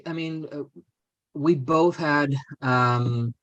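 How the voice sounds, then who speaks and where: A man's voice: a little high, extremely slow, fairly bright tone, lo-fi sound. A man hosting an interview, asking casual questions in a hesitant way with many fillers. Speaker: host.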